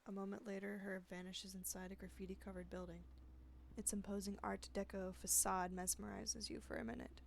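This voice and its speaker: A woman streamer reading a story game's text aloud in a casual way, adding quick reactions, with game music behind. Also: medium pitch, flat delivery, vocal fry, a little hiss or hum. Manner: casual, adds quick reactions between lines. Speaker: let's play streamer.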